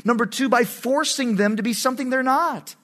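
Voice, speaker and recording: A middle-aged man, a pastor preaching a sermon in an animated, emphatic way, with sudden loud bursts. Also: extremely high pitch, brisk.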